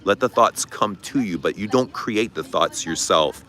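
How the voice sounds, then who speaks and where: Middle-aged man, very low voice, candid confessional livestream host. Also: animated, measured pace, bright, forceful tone. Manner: candid, confessional, swears casually. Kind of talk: casual livestream chat reading comments. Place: outdoors. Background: traffic noise.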